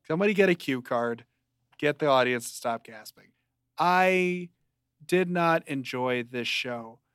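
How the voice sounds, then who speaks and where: A young man co-hosting a podcast, chatting casually and ranting at his friend in mock anger, with a dry deadpan delivery. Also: medium pitch, a little slow, clear, resonant tone, no echo. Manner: mock-angry deadpan rants. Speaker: podcast co-host. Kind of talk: casual chat.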